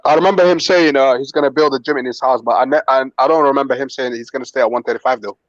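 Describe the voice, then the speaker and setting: A man on a live boxing panel talks quickly and defensively, cutting in to dispute the others. His mid-pitched voice comes over a dry, somewhat dull online line. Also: dry recording. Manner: fast, defensive, interrupting. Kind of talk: heated live sports talk.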